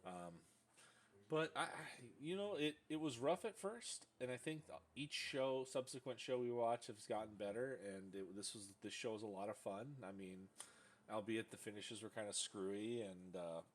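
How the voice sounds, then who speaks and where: A man's voice: lowish voice, normal speed. A man hosting a casual podcast, bantering loosely with jokes, swearing and mocking impressions. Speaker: podcast host.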